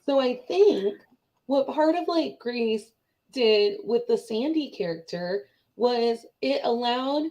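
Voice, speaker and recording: A woman's voice: fairly high pitch, animated, slow, dark tone, poor audio. A woman co-hosting a podcast in casual chat, chatty and reflective, telling stories as she talks. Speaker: podcast co-host.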